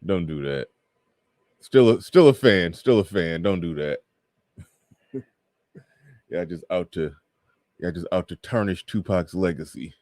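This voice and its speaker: Low-voiced man chatting on a livestream. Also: measured pace, pauses often, darkish tone, no room sound, clean studio sound. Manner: reads viewer super chats aloud and riffs; laughs often, trails off mid-thought. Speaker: livestream host. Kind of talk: casual livestream commentary.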